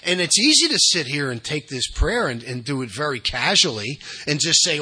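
A man shares his story at a recovery workshop in a piercingly bright, husky voice that sits slightly high. His delivery is blunt and unpolished, swinging between quiet, throwaway asides and loud, emphatic stretches. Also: big pitch swings, moderate pace, few pauses. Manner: blunt, conversational, with loudness swinging from soft asides to emphatic bursts. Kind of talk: candid personal storytelling talk.

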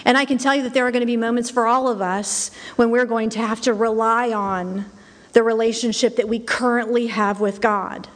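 A middle-aged woman gives a spoken personal testimony to a room, sharing her own story briskly and leaning on repeated phrases for weight. Her pitch stays narrow and even. Long reverb trails each line, as in a big hall.

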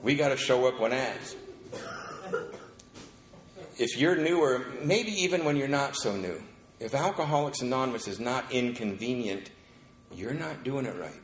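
A man telling a lively story at a recovery meeting and acting out the people in it. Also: mid-range voice, normal speed, pauses often, roomy sound, slight background noise. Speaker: speaker sharing his story at a recovery meeting.

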